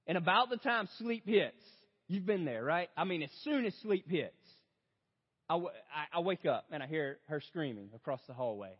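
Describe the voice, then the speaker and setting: A young adult man preaching a sermon as a story, talking straight to his listeners and swinging between loud outbursts and hushed reflection. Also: fairly high pitch, animated, moderate pace, breathy edge. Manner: storytelling, addresses audience as "you guys". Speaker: pastor. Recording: dull lo-fi sound in a big reverberant hall.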